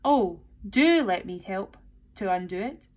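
A woman's voice: medium pitch, expressive, measured pace, a little mellow, natural voice. A woman voicing a polite, eager young girl who speaks humbly and pleadingly.

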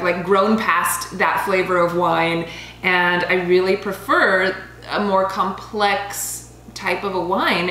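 A woman's voice: lowish voice, fairly bright tone. Woman in her thirties, casual wine review vlog, bubbly, laughs easily, roomy room, faint hum. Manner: bubbly, laughs often, stumbles over foreign names.

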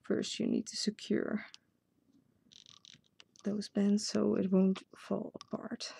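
A Dutch-accented woman walks viewers through a craft tutorial at an unhurried pace, chatting to herself as she works. Her voice is husky with a gravelly edge and a mellow, darker tone. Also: mid-range voice, little pitch movement. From Netherlands. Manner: chatty, self-talking while working. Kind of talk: casual step-by-step tutorial.

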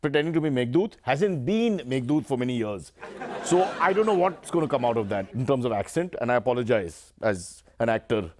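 A man's voice: medium pitch, lively intonation, fairly quick, crowd noise. A man with an Indian English accent hosting a comedy news show, with sardonic, mock-serious asides. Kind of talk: satirical news comedy monologue.

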